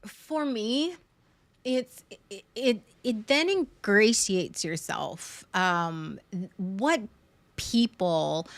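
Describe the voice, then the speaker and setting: A woman hosts a livestream, speaking slowly and unhurriedly. She stumbles, restarts and fills gaps with "um", and she is frank and self-deprecating. The sound is dry, with no room echo. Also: on the low side, vocal fry, fairly bright tone. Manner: halting and hesitant, many fillers and restarts. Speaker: livestream host. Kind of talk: candid casual livestream chat.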